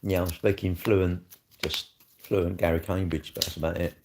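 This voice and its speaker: A middle-aged man with a South East London accent chats on a live stream in a very deep, gravelly voice, rambling bluntly and swearing freely in casual, unscripted talk. His delivery is flat and moderately paced, with a darkish tone and slight background noise.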